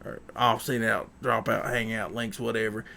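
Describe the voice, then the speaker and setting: A man hosting his own livestream, chatting in a relaxed, rambling way about packing orders. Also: fairly low pitch, normal speed, gravelly. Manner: rambling, relaxed, with fillers and folksy asides. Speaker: livestream host. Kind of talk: casual chat while packing orders.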